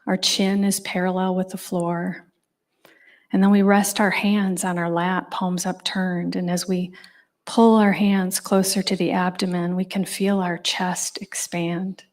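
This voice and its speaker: A woman leading a church congregation in guided meditation, giving gentle, unhurried instructions with long pauses. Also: lowish voice, little pitch movement. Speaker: meditation leader. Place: church service.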